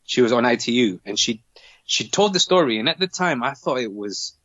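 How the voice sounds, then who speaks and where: A man's voice: medium pitch, expressive, fairly bright tone, no echo. Earnest male doctor on a dull call. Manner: earnest, halting, many restarts. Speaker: doctor, GP guest. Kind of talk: casual interview chat.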